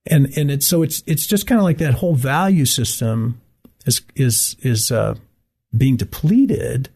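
A man's voice: mid-range voice, unhurried, breathy edge. A middle-aged man from Michigan, a guest in a casual interview, telling stories and acting out the people he quotes. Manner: storytelling, animated when quoting others.

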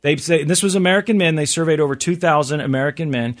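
A man's voice: on the high side, racing. Chatty man reading survey figures. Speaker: radio show host. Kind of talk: casual talk show banter.

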